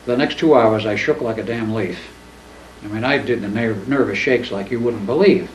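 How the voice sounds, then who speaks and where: An older man talks in a low, folksy storytelling voice, plain-spoken and unhurried in his phrasing. He is picked up from well back, so the room rings around him and a faint hiss sits under it all. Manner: plain-spoken, folksy, mimics others in quotes. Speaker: speaker. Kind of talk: storytelling talk to an audience. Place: presentation room. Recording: echoey room, distant mic, faint noise.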